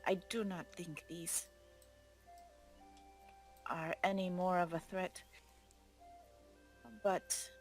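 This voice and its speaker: A player voicing a young female warrior who speaks in soft, halting, formal sentences. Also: medium pitch, flat delivery, faint music behind, voice pushed up. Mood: solemn.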